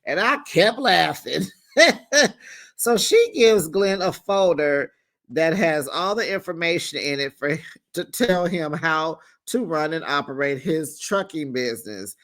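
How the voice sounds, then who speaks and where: A man with a slightly high voice recaps a reality show in a loose, gossipy way. He is sassy, talks straight to his viewers with pet names, and laughs as he goes. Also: lively intonation, a little slow, a bit bright. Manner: laughs often while telling the story. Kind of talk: casual gossipy recap commentary.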